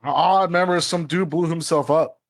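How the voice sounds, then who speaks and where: Tabletop player, man, blunt joking banter, slightly high voice, dry close mic. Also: steady tone, brisk, no room sound. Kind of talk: casual in-character banter.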